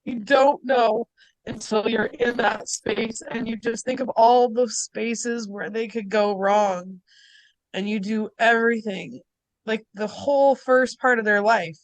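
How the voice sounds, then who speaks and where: A mother sharing in an online support group on a video call. She speaks slowly and haltingly, her voice a little high and full of emotion. The sound is close and dry, with no room around it. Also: fairly even intonation, no room sound, rough recording. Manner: halting, emotional, pauses mid-thought.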